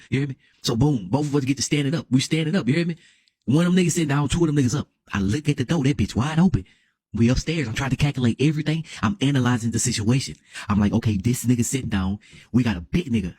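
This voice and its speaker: Excitable husky-voiced young man telling a story. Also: fairly high pitch, no echo. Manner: excitable, dramatic, repeats "you hear me", slangy. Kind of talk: animated comedic story time.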